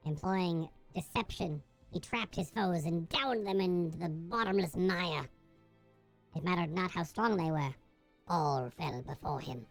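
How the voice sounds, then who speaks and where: A woman's voice: fairly low pitch, poor audio. A woman voicing a small, risk-averse void creature in formal, archaic speech, from a game.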